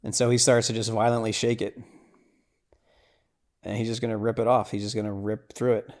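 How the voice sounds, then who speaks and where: A man hosts a podcast, casually recapping a film scene by scene and saying "like" and "right?" a lot, dropping to a hush when things get tense. His voice is lowish and flat, and he talks fairly quickly.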